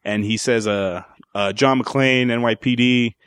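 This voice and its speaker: A man's voice: mid-range voice, steady tone, a little slow, a bit bright, slight background noise. A man co-hosting a podcast, recapping a movie in casual chat and acting out the characters' lines as he goes. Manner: retells scenes acting out the lines. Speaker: podcast co-host.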